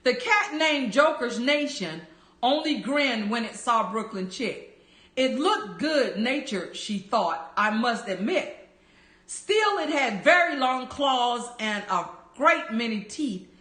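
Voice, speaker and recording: A woman reading a bedtime story aloud, narrating slowly and gently. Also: on the high side, lively intonation. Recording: roomy echo.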